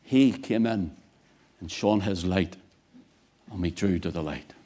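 A man preaching a sermon, swinging between quiet, low lines and loud, emphatic bursts. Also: measured pace.

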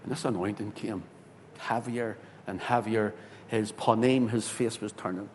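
A man, a pastor telling a story in a sermon, swinging from loud, excited bursts to hushed tones. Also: unhurried. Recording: hall reverb with faint rumble.

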